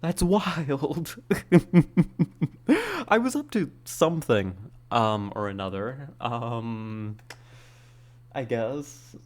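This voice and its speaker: Rambling, playful livestream host. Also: mid-range voice. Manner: rambling, playful, greets viewers warmly. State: a little winded after exercise. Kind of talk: casual chat with live viewers. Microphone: streaming setup.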